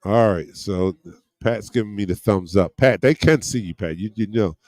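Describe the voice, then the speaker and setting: A man giving casual play-by-play as a fan watch-along host, getting excited on big plays and chatting with viewers and friends. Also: fairly low pitch, normal speed, dry recording.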